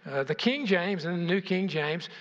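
An older man with a fairly high voice delivers a sermon, peppering it with rhetorical questions and shifting emphasis. The recording is muffled and carries a long hall reverb. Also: lively intonation, normal speed, fairly bright tone. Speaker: preacher. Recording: dull, echoey church hall.

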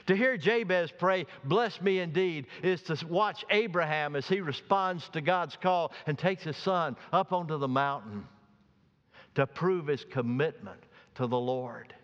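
A pastor preaching a sermon, swinging from soft, slow passages to loud, emphatic ones. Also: male voice, high voice. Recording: dull sound with long reverb.

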